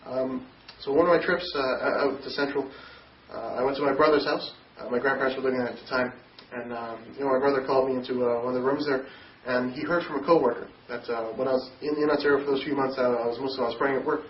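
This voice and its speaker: A young man from Newfoundland, Canada, telling a personal story in a halting way, often repeating and restarting words. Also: mid-range voice, fairly even intonation. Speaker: interviewee telling his conversion story. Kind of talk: personal testimony. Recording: distant echoey dull recording, faint noise.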